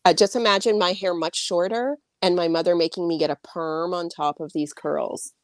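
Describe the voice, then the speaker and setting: Low-voiced woman with a slight lisp. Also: steady tone, moderate pace, no echo, studio quality. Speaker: author guest. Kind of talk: casual chat.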